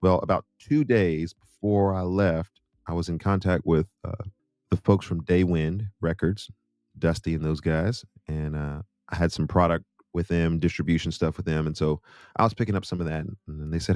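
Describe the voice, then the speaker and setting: A deep-voiced American man tells a long, chatty story, wandering off into asides to his viewers. The recording is dry and close, with no room sound. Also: steady tone, brisk, darkish tone, no echo. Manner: rambling, chatty, self-interrupting with asides to viewers. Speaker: Christian music artist and host. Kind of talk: casual storytelling monologue.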